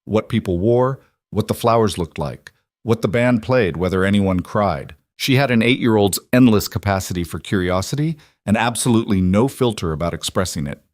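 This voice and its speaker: A man reading a story aloud as narrator, in an even storytelling delivery. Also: on the low side, normal speed, no room sound, clean studio sound.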